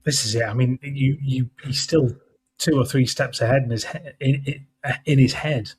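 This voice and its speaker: Husky, hesitant male co-host. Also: mid-range voice, steady tone, moderate pace. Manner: hesitant, stumbles and repeats words. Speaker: co-host of a football watchalong stream. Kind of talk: casual live match chat.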